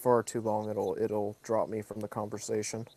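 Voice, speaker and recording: A man's voice: lowish voice, monotone, moderate pace. A man joining a casual online chat from his phone, easygoing and agreeable. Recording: phone with faint background noise.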